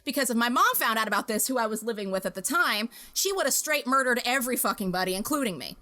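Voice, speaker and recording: This is a young woman with a bright, ringing voice that sits a little high for a woman. She is hosting a casual podcast and tells her stories in an animated, profane way, breaking into laughter along the way. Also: fast. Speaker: podcast host. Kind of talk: casual storytelling chat.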